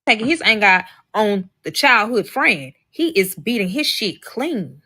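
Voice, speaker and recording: Young woman storyteller, bright tone, animated and profane, mid pitch. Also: measured pace. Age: young adult. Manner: profane, emphatic, animated, acts out quotes. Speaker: storyteller in a social media clip. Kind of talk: casual storytelling to viewers.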